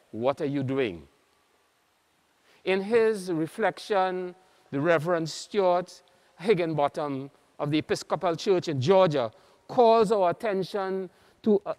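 A man with a Trinidadian accent, a priest preaching an earnest, measured sermon with many pauses. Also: on the high side, a little mellow. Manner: earnest, measured, pausing often. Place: large church. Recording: long church reverb.

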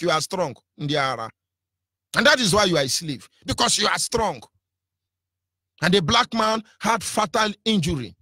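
A man's voice: fairly high pitch, sharp tone, breathy edge, dry recording, clean studio sound. A man with a Nigerian accent giving an impassioned, preacherly radio talk, fiery and defiant. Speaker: radio broadcaster.

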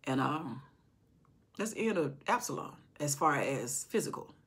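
A woman's voice: low voice, big pitch swings, moderate pace, fairly bright tone, breathy edge. A woman teaching an informal Bible study indoors, talking conversationally with rhetorical questions and frequent restarts. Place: indoor room with candles.

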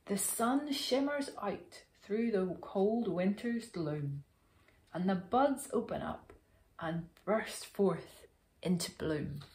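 A woman voicing gentle little birds in a storybook, speaking softly and dreamily. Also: mid-range voice, animated, slow pace, echoey room. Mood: dreamy.

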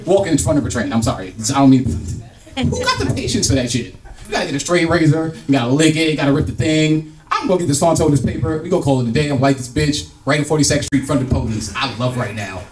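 A man's voice: fairly high pitch, expressive, fast, far from the mic, a little hiss or hum. A man doing stand-up, working the crowd with rambling street slang. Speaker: stand-up comedian. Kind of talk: stand-up comedy. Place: comedy club. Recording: echoey club recorded from afar, crowd.

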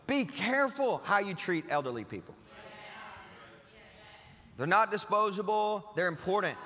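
A man preaching in a church hall, his high, bright voice carrying with long reverb around it. He moves between emphatic declarations and loose, chatty asides, and soft music sits faintly underneath. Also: animated, moderate pace, pauses often. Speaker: pastor. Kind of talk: sermon.

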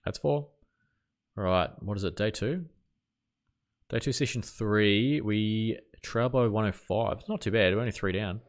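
This New Zealand gaming streamer, with his Kiwi accent, keeps up a casual chat over gameplay, reacting to what happens and replying to viewers. He speaks at a measured pace in a fairly low voice.

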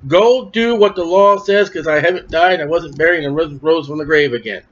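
A man's voice: normal speed, a bit bright, dull audio. A man preaching a sermon in a conversational way, asking and answering his own questions and acting out the voices in the story. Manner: acts out quoted voices with raised pitch.

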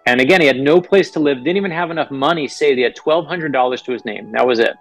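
A middle-aged man from New York, an author telling earnest, animated stories about his life as an interview guest. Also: mid-range voice, quick pace, dry recording, soft background music, low-quality recording. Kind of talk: interview storytelling.

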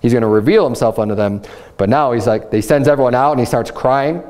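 A male pastor teaching a sermon in a conversational way, with many fillers and restarts, reading scripture slowly. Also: medium pitch, darkish tone. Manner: reads scripture slowly, acts out speakers in a raised voice.

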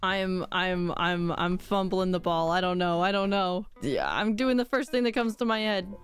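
A woman giving casual, excitable and self-mocking commentary while playing a farming game. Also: mid-range voice, normal speed, clean tone, soft background music. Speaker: let's play gamer.

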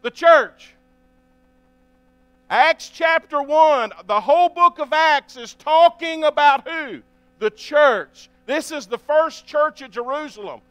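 A man's voice: very high-pitched, unhurried, few pauses, fairly bright tone, dry recording. A man preaching a sermon as pastor, reading scripture aloud and often asking the congregation for an amen. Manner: reads scripture aloud between remarks.

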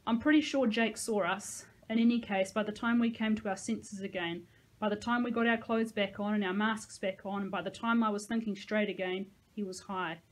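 A teacher reads a novel aloud to her class in a medium-pitched woman's voice. She keeps the narration plain and drops casual asides to the kids. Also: fairly even intonation, moderate pace, low-quality recording.

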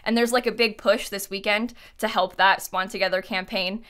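Bright-voiced giggly young woman streamer. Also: medium pitch, steady tone. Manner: quick, giggly, lots of fillers. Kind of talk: live-stream chat, reading donations.

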